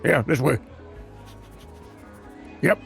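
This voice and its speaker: Gravelly-voiced man streaming a game. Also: a little high, drawn-out words, soft background music. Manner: wry, rambling, talks to chat. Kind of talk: casual live-stream gameplay chat.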